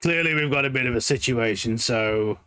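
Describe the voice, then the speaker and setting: A man voicing a middle-aged male town official who talks in a measured, slightly exasperated way. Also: medium pitch, bright, forceful tone, clear, resonant tone, close to an everyday voice.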